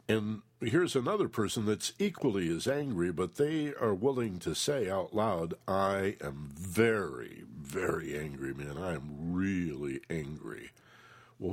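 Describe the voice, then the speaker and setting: A man giving relationship advice in a slow, emphatic way, acting out quoted feelings. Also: deep voice, breathy edge.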